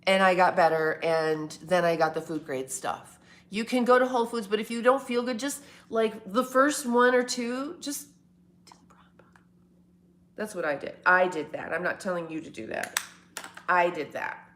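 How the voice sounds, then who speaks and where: A woman's voice: mid-range voice, normal speed, a bit bright. A woman hosting a casual morning livestream from home, rambling and chatting back to viewers' comments. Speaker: livestream host. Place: home, indoors.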